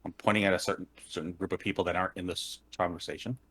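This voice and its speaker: A man's voice: low voice, steady tone, rapid-fire, fairly bright tone, breathy edge. A man on a podcast panel, talking about cosplay in a wry, opinionated, casual way.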